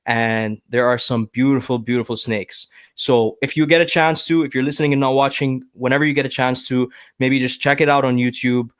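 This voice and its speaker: A man's voice: medium pitch, clean tone, no echo, studio quality. A man hosting a podcast who gives an upbeat, friendly introduction and then interviews his guest. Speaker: podcast host.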